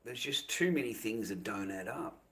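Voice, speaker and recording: A man's voice: fairly low pitch, expressive, normal speed, fairly bright tone. An Australian man ranting angrily on a livestream, swearing heavily and repeating himself. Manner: angry, profane, repetitive ranting. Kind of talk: livestream rant.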